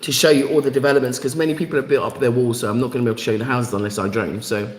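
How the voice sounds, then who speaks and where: A woman's voice: a bass voice, fairly even intonation, very fast, a little mellow. A British woman with a Jamaican-tinged accent, chatting casually and bluntly on a live vlog, full of fillers and plain talk. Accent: Jamaican-inflected British. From England. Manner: chatty, blunt and playfully outspoken, with many fillers. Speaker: vlogger and repatriation helper. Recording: echoey room with long reverb.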